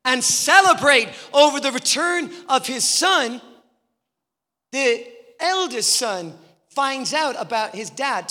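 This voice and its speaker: A male guest preacher with a strikingly high, bright, forceful voice delivers a passionate sermon. He stacks up repeated rhetorical questions, and each line echoes with a long reverb through the church hall.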